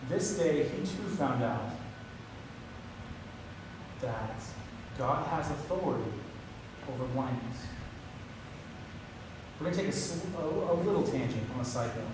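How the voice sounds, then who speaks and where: A man preaching a sermon, telling a story and voicing quoted lines with a higher pitch. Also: animated, unhurried, pauses often. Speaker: pastor. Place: church sanctuary. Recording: echoey hall from far off with noise.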